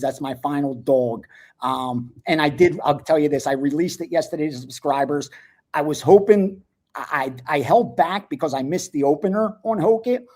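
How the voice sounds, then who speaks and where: A man giving sports betting picks in casual talk, blunt and animated, swearing freely. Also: on the high side.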